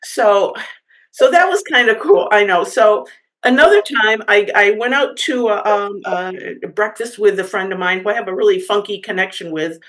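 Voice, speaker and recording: A woman shares a personal story with a church group at an ordinary pitch. She talks casually and haltingly, stopping often for fillers and restarting her sentences. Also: poor audio. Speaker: church member sharing a story.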